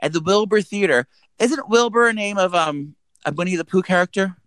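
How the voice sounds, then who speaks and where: A man's voice: high voice, brisk, a bit bright, clear, resonant tone, dry recording, low-quality recording. A young man co-hosting a podcast, talking in a crude, joking, rambling way. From US East Coast. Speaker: podcast co-host. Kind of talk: casual chat.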